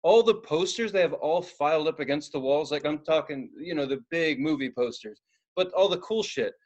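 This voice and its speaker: Animated, profane man telling a story. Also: on the high side, fairly quick, lo-fi sound. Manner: profane, animated, acts out voices in quotes. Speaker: podcast co-host. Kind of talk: casual storytelling chat.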